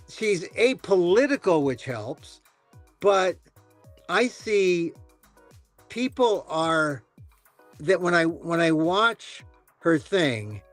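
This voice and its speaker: Man, casual podcast host, fairly high voice, rambling, faint music behind. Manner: rambling, animated, many restarts. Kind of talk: casual chat.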